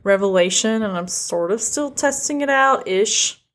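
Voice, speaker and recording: A woman's voice: mid-range voice, animated, moderate pace, fairly bright tone. A woman hosting a podcast, chatting casually, prompting her guest with questions and friendly asides. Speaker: podcast host.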